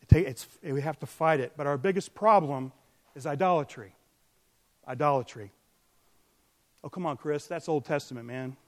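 A man preaching a sermon, earnest, swinging from loud emphatic peaks down to soft, quiet remarks. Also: on the high side, a little fast, few pauses, in a large hall. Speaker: pastor.

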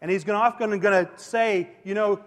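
A man in his forties delivers a sermon from the pulpit, his voice pitched high. He is animated, climbing to loud emphatic peaks and then dropping to near-whispered asides. The sound carries a long reverb from the church sanctuary. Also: brisk. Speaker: pastor.

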